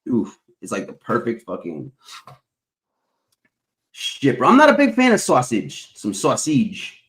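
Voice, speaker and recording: A man's voice: medium pitch, wildly swooping pitch, a little slow, a bit bright. A man hosting a casual chat stream, rambling and profane with lots of fillers.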